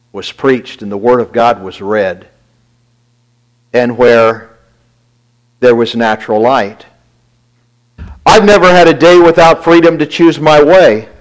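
A man giving a devotional talk, earnestly retelling a friend's words and quietly counting his blessings. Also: mid-range voice, low-quality recording. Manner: reflective, quiet listing of blessings.

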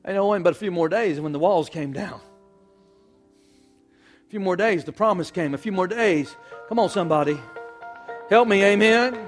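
A man's voice: high-pitched, moderate pace, pauses often, soft background music. A man preaching a sermon with folksy, impassioned delivery, calling out to the congregation. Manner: impassioned, call-and-response, folksy. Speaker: pastor.

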